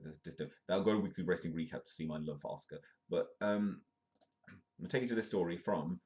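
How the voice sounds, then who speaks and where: A deep-voiced man hosting a comedic news show, his voice worn down by illness. He reads stories aloud and breaks off into rambling, wry, self-deprecating asides in a loose, casual delivery. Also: lively intonation, fairly quick, a little mellow. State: ill, voice affected. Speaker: host of a comedic news livestream.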